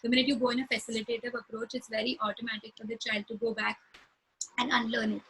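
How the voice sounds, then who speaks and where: A woman's voice: a little high, flat delivery, fast, fairly bright tone, husky, poor audio. A woman speech therapist answering clinical questions in casual conversation, explaining with examples and acting out short phrases as she would say them to a child. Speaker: speech-language pathologist.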